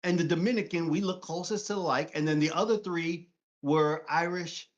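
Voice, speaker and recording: Brooklyn man co-hosting a live stream; blunt, cursing, a bit high, dull lo-fi audio. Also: normal speed. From Brooklyn, New York. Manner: blunt and profane, acts out quoted voices. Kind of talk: casual political chat.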